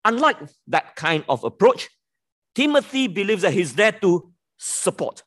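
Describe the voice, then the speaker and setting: A man's voice: high voice, measured pace. A man preaching a sermon, repeating key words and leaning hard on them, with a self-deprecating touch. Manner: lively, emphatic pulpit delivery with sudden drops on key words.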